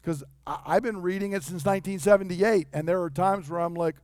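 Pastor in his fifties, male, high-pitched, emphatic sermon delivery, dry close sound. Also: fairly quick, few pauses, darkish tone, dry recording. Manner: acts out quoted voices, emphatic and conversational.

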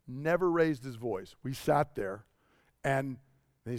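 A man's voice: mid-range voice, expressive, takes it slowly, darkish tone, no echo. A man giving a sermon in a conversational storytelling way, asking the congregation rhetorical questions. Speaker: pastor.

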